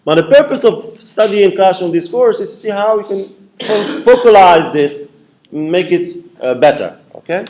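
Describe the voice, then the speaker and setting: Male lecturer in a classroom, a bit higher-pitched, repetitive, keeps checking comprehension. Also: animated, normal speed, darkish tone. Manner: explains by repeating points, checks in with "okay?". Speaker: university lecturer.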